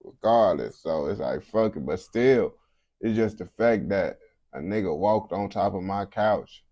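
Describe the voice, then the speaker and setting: A man's voice: low-pitched, lively intonation, unhurried, warm tone, no echo. A man streaming casual reaction commentary, blunt and heavy on slang.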